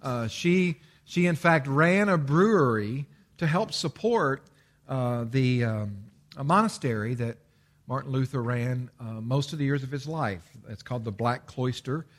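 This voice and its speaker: Emphatic pastor preaching. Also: male voice, mid-range voice, lively intonation, a little slow. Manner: emphatic, repeats commands with stress; explains with everyday examples, frequent "uh" and restarts. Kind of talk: sermon.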